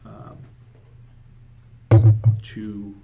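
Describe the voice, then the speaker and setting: Lowish-voiced man running a tabletop game. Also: completely flat delivery, creaky, dark tone, soft background music. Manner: halting, many fillers and restarts. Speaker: dungeon master.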